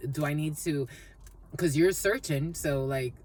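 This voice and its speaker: A woman's voice: sits low, a little slow, darkish tone. A woman giving a rambling spiritual reading, chanting repeated phrases and laughing often. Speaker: intuitive reader.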